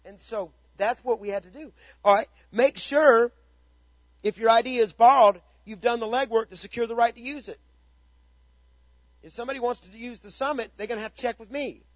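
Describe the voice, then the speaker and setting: A man's voice: very high-pitched, brisk, no echo, highs cut off. A man pastor giving a motivational ministry talk, emphatic and fond of repeated rhetorical questions.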